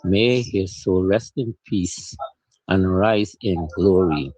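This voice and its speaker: Solemn, slow man, dry sound. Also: low voice, darkish tone, no echo, poor audio. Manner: solemn, measured and ceremonious, in short phrases. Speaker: caller leaving a voice note. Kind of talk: formal condolence message.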